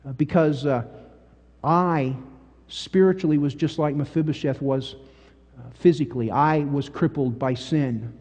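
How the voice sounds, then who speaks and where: A man's voice: fairly high pitch, unhurried. Emphatic male pastor, sermon delivery, reverberant sanctuary sound. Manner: emphatic, animated storytelling with big swings in volume. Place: church sanctuary. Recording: long church-hall reverb.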